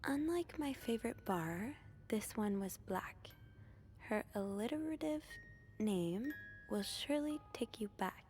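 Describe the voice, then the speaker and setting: A woman voicing a wry, quietly curious young game heroine with a soft, dry-humored delivery, partly whispered, in game audio. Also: on the high side, animated, a little slow, slight background noise.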